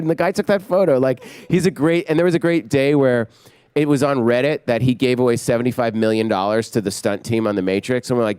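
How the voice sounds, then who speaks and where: A man in his forties, a film director telling lively anecdotes in an interview and acting out what others said. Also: mid-range voice, fast talker, smooth, no echo. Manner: energetic anecdotes, acting out quotes. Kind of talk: animated storytelling in an interview.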